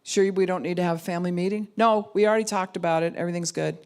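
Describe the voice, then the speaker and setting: A woman's voice: lowish voice, steady tone, racing, a little mellow, clean tone. A middle-aged woman pastor giving a conversational sermon, acting out the people she quotes. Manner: conversational, acts out quoted voices. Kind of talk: sermon teaching.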